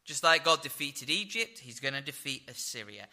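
A man's voice: mid-range voice, sing-song, normal speed, bright, forceful tone. A man preaching a sermon, reading scripture aloud and explaining it verse by verse. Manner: expository Bible teaching with fillers.

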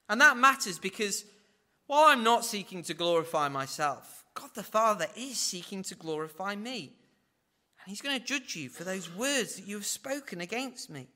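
A man giving verse-by-verse Bible teaching, acting out quoted lines with big swings in pitch and dropping in wry asides. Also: expressive, moderate pace, bright, forceful tone.

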